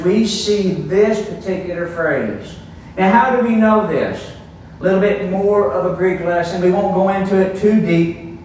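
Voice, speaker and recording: A man preaches a sermon, walking his listeners through a Bible verse in a slow, deliberate teaching manner. His voice sits high for a man. He sounds far from the mic, in a very echoey church hall. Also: a little hiss or hum. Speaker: pastor.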